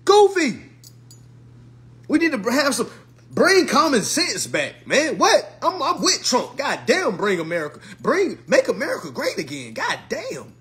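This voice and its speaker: Unhurried but with wildly swooping pitch, a man with a very high, fairly bright voice delivers a mocking, profane monologue to his followers. A social media commentator, he leans on blunt slang and says his retorts more than once.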